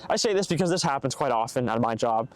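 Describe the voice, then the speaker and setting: A man's voice: medium pitch, expressive, fast talker. A young man hosting a casual solo podcast, giving earnest, rambling advice and acting out hypothetical conversations. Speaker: podcast host. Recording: faint background noise, bad mic.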